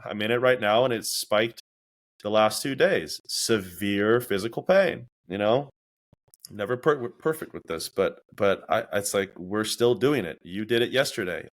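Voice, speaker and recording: Speaking a little slowly in a lowish voice, the host of a casual podcast looks back thoughtfully on his stories. He brings them to life by voicing his own inner thoughts aloud.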